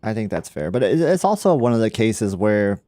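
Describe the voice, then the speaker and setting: A man's voice: fairly low pitch, big pitch swings, normal speed, mellow, no room sound. A man hosting a casual tech livestream, laid-back and laughing often, with lots of "like" in his talk. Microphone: studio microphone.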